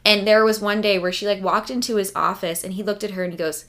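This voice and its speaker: A woman's voice: medium pitch, fairly even intonation, fast, few pauses, fairly bright tone. A woman co-hosting a podcast, telling stories animatedly and laughing often. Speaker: podcast co-host. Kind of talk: casual chat.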